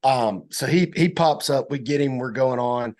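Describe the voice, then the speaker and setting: Guy on a podcast telling a funny story, lively, does the voices. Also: normal speed. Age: young adult. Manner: animated storyteller, acts out quotes in high voices. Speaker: podcast guest. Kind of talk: storytelling in casual chat.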